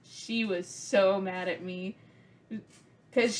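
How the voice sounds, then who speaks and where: A woman's voice: fairly low pitch, steady tone, takes it slowly, a little mellow. A young woman vlogger telling a casual story, rambling with many "like" fillers.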